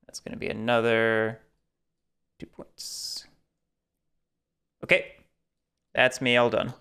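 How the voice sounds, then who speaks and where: Gravelly, smooth-voiced man narrating his moves. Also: medium pitch, flat delivery, moderate pace, pushed and bright. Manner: talks through his moves aloud. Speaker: board game teacher and player. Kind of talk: casual chat while playing a board game.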